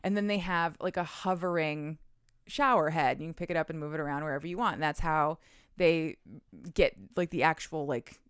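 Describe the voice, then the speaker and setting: Smooth, lower-voiced woman podcast host. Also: fairly even intonation, normal speed, no room sound, studio quality. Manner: chatty, laughs often, swears casually. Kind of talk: casual chat recapping a romance novel.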